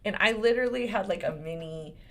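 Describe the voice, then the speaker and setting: A woman's voice: mid-range voice, a little fast, a bit bright. A woman in her forties, a lawyer and channel host, talking casually to camera and shifting between serious points and laughter. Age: 40s.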